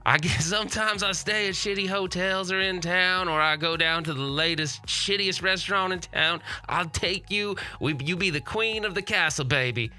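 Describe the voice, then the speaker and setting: A man's voice: a little high, expressive, sharp tone, breathy edge, faint music behind, full character voice. A man putting on an accent to play a cheesy flirting guy who delivers pickup lines on a comedy podcast. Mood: flirty. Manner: put-on accent, drawling and slow.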